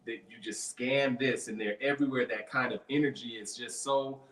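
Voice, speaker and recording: A man's voice: mid-range voice, steady tone, moderate pace, fairly bright tone. Brief: male host, earnest and rambling, echoey distant sound. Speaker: talk show host. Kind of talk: conversational show hosting.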